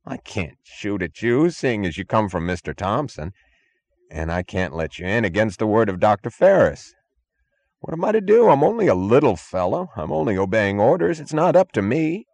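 A man's voice: fairly low pitch, sing-song, normal speed, darkish tone, no room sound, voice pushed up. A man reading an audiobook, voicing a frightened male guard who stammers and pleads in a whine. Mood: pleading, panicky.

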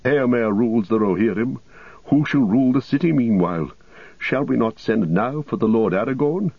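A man's voice: medium pitch, lively intonation, normal speed, creaky, slightly rough, no room sound, voice pushed up. A man voicing a proud, troubled prince who speaks formally and presses with questions in a storybook reading. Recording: dull lo-fi recording.

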